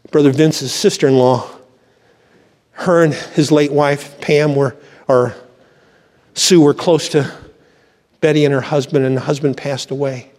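A man's voice: mid-range voice, darkish tone, big-room sound. An older man, a pastor, preaching a sermon with fervent praise and storytelling, recorded in a church.

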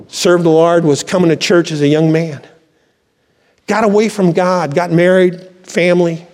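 An older male pastor preaches with fervor, breaking into cries of praise between stories. His voice sits a little high for a man. It rings out with a long reverb tail through the church. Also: darkish tone. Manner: fervent preaching with exclamations of praise. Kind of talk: sermon.

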